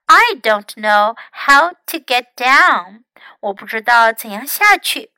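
A woman English teacher whose first language is Chinese, slowly and patiently drilling phrases in a bilingual lesson. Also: sits high, very animated, sharp tone, no room sound, low-quality recording.

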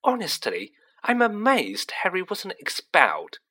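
A man's voice: sits high, wildly swooping pitch, a little slow, pushed and bright, husky, voice pushed up, full character voice. A man voicing an earnest, studious teenage girl witch who speaks precisely and a little lecturing. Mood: serious. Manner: precise, serious, slightly lecturing.

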